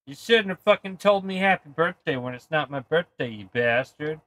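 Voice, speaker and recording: A man streaming himself playing a game live, swearing and yelling angrily at the game between muttered asides to chat. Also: on the high side, lively intonation, moderate pace, dry recording. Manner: profane, ranting, yelling at the game. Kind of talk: live gameplay stream commentary.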